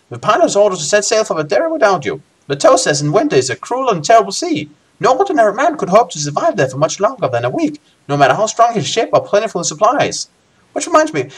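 A man's voice: high-pitched, breathy edge, pitched above the performer's own voice, exaggerated voice, poor audio. A man reading aloud and voicing an earnest, worried male guildmaster who gives a grave warning.

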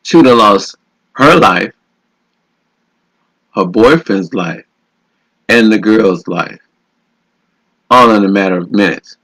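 A man's voice: lowish voice, slow pace, long pauses, fairly bright tone, slightly rough, rough recording. A man, a radio minister, preaching and telling a personal story in a fervent, repetitive exhorting way. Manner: exhorting, repeats phrases, calls out "glory to God".

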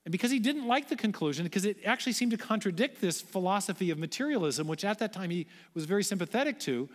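A man giving an animated public lecture, telling the story with emphasis and asking the audience rhetorical questions. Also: sits high, fast talker. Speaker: guest lecturer. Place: large church auditorium. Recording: long church-hall reverb.

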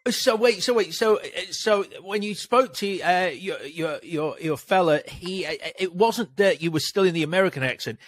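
A man's voice: sits high, expressive, normal speed, hardly any pauses. A man hosting a film podcast, asking questions with frequent stammers and repeated words. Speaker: podcast host. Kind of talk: interview chat.

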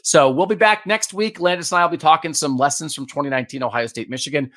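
A man hosting a casual sports podcast, talking in an animated way and repeating himself for emphasis. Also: on the high side, quick pace, dry recording, studio quality. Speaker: podcast host.

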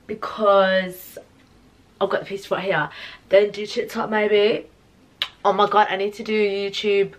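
A woman's voice: medium pitch, a bit bright. A young woman talks straight to her camera at home. She rambles from one thought to the next in a playful, chatty way and keeps turning to her viewers with little asides. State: out of breath. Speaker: vlogger. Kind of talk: casual vlog to camera. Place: home, indoors.

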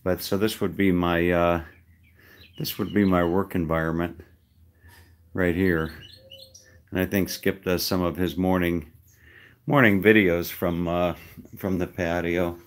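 A man casually vlogging as he walks through a house, rambling with frequent halting pauses. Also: low-pitched, level tone. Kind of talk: casual walk-through vlog. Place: indoors in a house.

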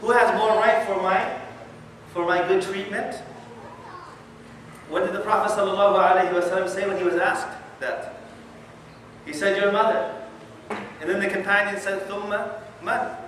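A man's voice: high voice, moderate pace, long pauses. A man giving a conversational religious talk, often asking his listeners questions. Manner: conversational, animated, asks the audience questions. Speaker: Islamic lecturer. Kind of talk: sermon. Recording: echoey hall from far off, noisy.

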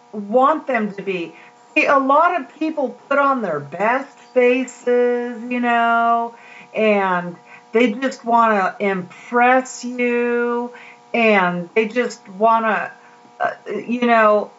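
A woman's voice: a little high, fairly bright tone, lo-fi sound. A woman giving a casual, heartfelt devotional talk to her viewers, rambling with many fillers and restarts. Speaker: Christian vlogger.

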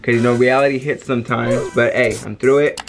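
A man's voice: mid-range voice, little pitch movement, fairly quick, faint music behind. A man hosting a reaction video, chatting casually to his viewers and repeating himself as he rambles.

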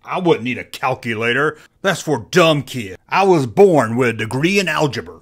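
A man's voice: medium pitch, expressive, normal speed, pitched below the performer's own voice, lightly acted. A man voicing a smug, boastful boy who brags that he is a math genius and talks down to others. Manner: bragging, condescending.

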